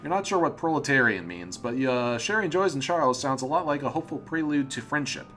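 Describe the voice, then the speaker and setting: A man's voice: mid-range voice, animated, fairly quick, sharp tone, soft background music. A man hosting a let's play, reading a visual novel aloud with amused commentary and frequent stumbles. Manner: amused, often laughing and stumbling over words.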